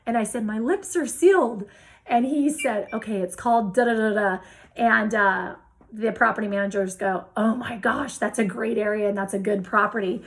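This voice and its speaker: A woman telling a business story in a casual interview, acting out the quoted dialogue with lively shifts of voice. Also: mid-range voice, normal speed, poor audio. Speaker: real estate investor guest.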